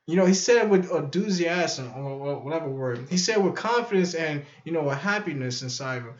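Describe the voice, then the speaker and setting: A man talking casually to his viewers, stammering and incredulous, often restarting his sentences. His voice sits high. He is recorded in an echoey room with dull audio and faint music behind. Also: animated, a little fast, hardly any pauses. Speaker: vlogger. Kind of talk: casual rambling commentary.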